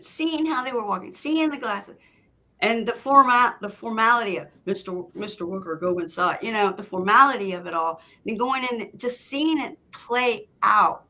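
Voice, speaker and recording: A woman recounting a personal story in a casual podcast chat, slipping into the voices of the people she quotes. Her tone is bright and forceful, and her pitch swings widely as she gets animated. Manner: animated, acts out quoted lines. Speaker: guest.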